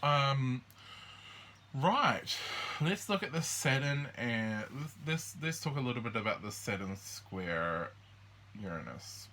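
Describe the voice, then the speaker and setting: Bright-voiced man rambling through astrology. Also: mid-range voice, sing-song, slight background noise. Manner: rambling and hesitant, full of ums and restarts; acts out the signs in quick quoted voices. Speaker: astrology host. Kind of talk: casual monthly astrology walkthrough.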